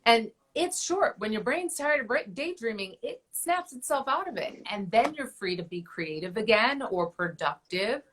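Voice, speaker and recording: Husky-voiced fitness coach lady, upbeat, cracking wry jokes. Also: on the high side, expressive, normal speed, hardly any pauses, fairly bright tone. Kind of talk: casual chat.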